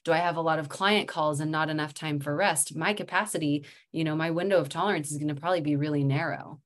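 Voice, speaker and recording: Brief: woman in her thirties, low voice, calm reflective podcast guest who laughs often. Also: fast. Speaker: guest, somatic practitioner. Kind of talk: casual podcast interview.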